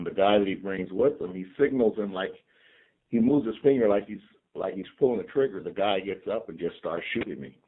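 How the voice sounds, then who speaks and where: A man in his sixties from California, a team chaplain calmly telling stories from his life as a podcast guest. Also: low-pitched. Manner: calm, reflective storyteller. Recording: tinny phone-like remote line.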